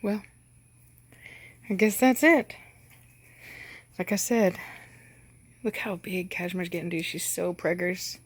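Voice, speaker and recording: A woman's voice: lowish voice, slow pace, pauses often, breathy edge, no echo. A woman dog breeder chatting casually while doing outdoor chores, often cooing baby talk to her dogs.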